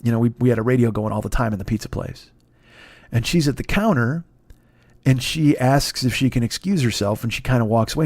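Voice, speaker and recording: A man's voice: mid-range voice, dry recording. A man, hosting a comedy podcast with a profane, rambling, self-mocking storytelling monologue full of restarts. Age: 50s.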